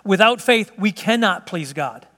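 High-voiced preaching man, long hall echo. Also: animated. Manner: emphatic, conversational preaching that drops to hushed, slow tones. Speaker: pastor. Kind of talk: sermon. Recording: long reverb of a large hall.

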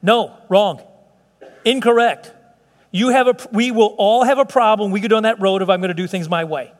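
A middle-aged pastor with a high voice delivers a sermon in a casual, joking manner, stumbling and restarting as he goes. His voice carries a long church reverb. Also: moderate pace. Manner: conversational, playful asides with many restarts.

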